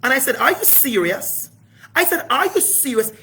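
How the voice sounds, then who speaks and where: A man's voice: very high-pitched, very animated, normal speed, pushed and bright, slight background noise. A middle-aged man giving an impassioned, preachy talk to camera, swearing freely and repeating lines for emphasis. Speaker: educator hosting his own video series.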